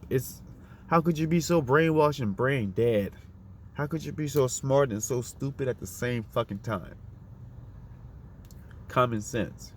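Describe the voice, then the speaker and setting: A man of middle pitch rants in a fiery, preachy monologue, swearing freely and hammering at his listeners with rhetorical questions. A faint hum of background noise and passing vehicles sits under his voice. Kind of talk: unscripted monologue rant.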